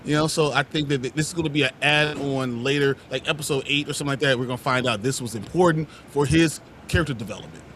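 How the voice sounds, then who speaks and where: A man's voice: mid-range voice, fast, hardly any pauses, a bit bright, a little hiss or hum. A man on a podcast panel giving rambling, thoughtful opinions with many restarts. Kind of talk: casual chat.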